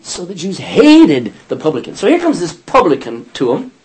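A man's voice: on the high side, huge pitch swings, normal speed, darkish tone, low-quality recording. A man teaching a Bible study, asking his listeners questions and acting out scripture quotes in character voices.

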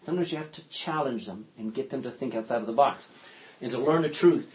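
A man's voice: mid-range voice, quick pace, slightly rough. A man teaching a Bible study class, reading scripture aloud and putting questions to his listeners. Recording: dull lo-fi sound.

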